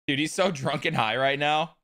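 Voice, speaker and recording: A man's voice: fairly high pitch, moderate pace, sharp tone. A man live streaming a video game, chatting with his viewers in a casual, joking way and swearing freely. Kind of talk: live stream chat while gaming.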